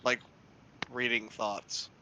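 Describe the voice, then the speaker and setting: Bright-voiced male player. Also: mid-range voice, little pitch movement, slow, a little hiss or hum. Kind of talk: casual tabletop play.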